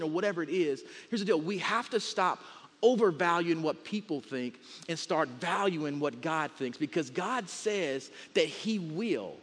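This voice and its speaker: Man, guest pastor, sermon, emphatic, drawn-out words, high voice, big church hall, long reverb. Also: fairly bright tone. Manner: emphatic, stretches words out to make a point.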